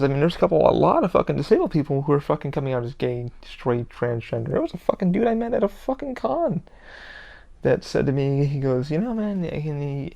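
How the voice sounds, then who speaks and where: A man's voice: high-pitched, creaky, warm tone, dull audio. A man hosting his own podcast, talking in a heated, rambling monologue with constant swearing. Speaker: podcast host. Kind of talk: casual monologue.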